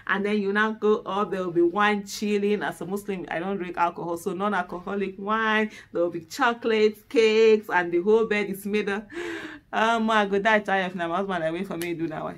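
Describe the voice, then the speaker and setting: A woman with a Nigerian accent chatting candidly to the camera as host, openly emotional and laughing loudly. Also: medium pitch.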